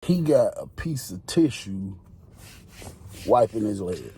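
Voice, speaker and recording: A man telling a prison story in a casual, slangy, animated way. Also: lowish voice, slow, creaky, pauses often, slightly rough. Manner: animated, slangy, acts out quotes.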